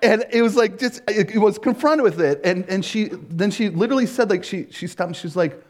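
A man preaching a casual sermon as a pastor, telling a personal story in an animated way, full of "like" and "right?". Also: high voice, fairly quick, few pauses. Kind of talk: conversational sermon.

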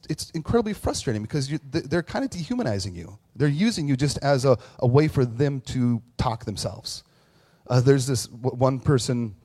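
Guy pastor giving a chatty sermon, candid, pokes fun at himself, lots of ums and restarts, mid pitch. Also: mellow. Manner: candid, self-deprecating, storytelling with many fillers and restarts. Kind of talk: conversational sermon. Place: church with online audience.

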